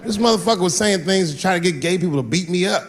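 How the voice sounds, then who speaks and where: A man performing a stand-up comedy set, telling profane stories with animated energy and acting out the characters. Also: sits high, fast, some chatter behind. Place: stage before a live audience.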